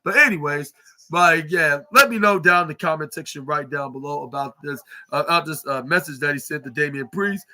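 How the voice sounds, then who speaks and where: A man hosts a podcast and recaps a wrestling show in a casual, rambling way, stumbling over fillers and restarts. His voice sits high and has a bright edge. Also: fairly quick.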